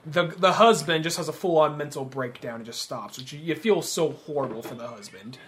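A man's voice: a little high, a little fast, a bit bright, slight background noise. A young man co-hosting a podcast, rambling loosely through a film discussion with lots of fillers. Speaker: podcast co-host.

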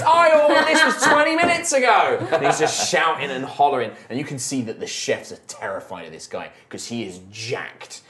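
A man running a tabletop game as game master, describing scenes with frequent restarts. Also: mid-range voice. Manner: rambling, self-correcting descriptions.

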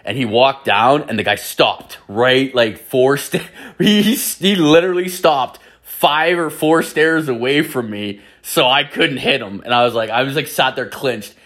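A man's voice: medium pitch, a little slow, a bit bright. Profane rambling podcast host, a man. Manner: rambling, heavily profane, hedges with "like". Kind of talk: solo podcast storytelling.

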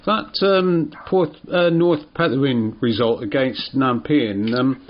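A man hosting a casual local radio sports show, chatty and relaxed with plenty of ums and uhs. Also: medium pitch, slow. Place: radio studio. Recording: roomy, slightly dull radio studio sound.

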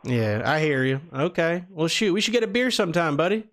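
A man's voice: on the high side, sing-song, fairly quick, a bit bright. A man voicing a lonely Southern country guy who stammers and rambles on a prank phone call. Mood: rambling. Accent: American Southern (put on). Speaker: prank caller.

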